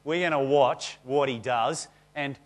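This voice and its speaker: A man's voice: mid-range voice, a little slow. A male pastor giving a conversational, self-deprecating sermon in a church.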